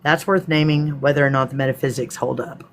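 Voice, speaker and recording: A man's voice: mid-range voice, steady tone, fairly quick. A man with a Texan accent hosting a live stream, reading from a script and breaking off to answer viewers in a casual, swearing manner. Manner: casual, profane asides to viewers.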